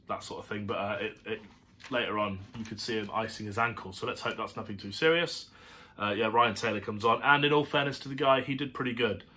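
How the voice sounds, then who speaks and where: A football fan reviews a match to camera, chatty and rambling, full of fillers and asides. His voice is fairly low-pitched with a sharp tone, recorded on a camera setup.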